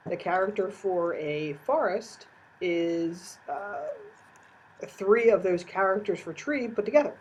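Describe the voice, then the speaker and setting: A woman's voice: fairly low pitch, takes it slowly, a little mellow, a little hiss or hum, low-quality recording. A woman giving a recorded course lecture, explaining step by step with frequent "uh" fillers.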